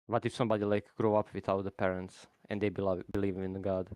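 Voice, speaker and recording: A man calls in to a debate and talks haltingly, repeating himself in broken phrases. His voice is fairly low and the recording is dry, with no room sound. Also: level tone, darkish tone, no room sound. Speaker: caller. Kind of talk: casual debate call.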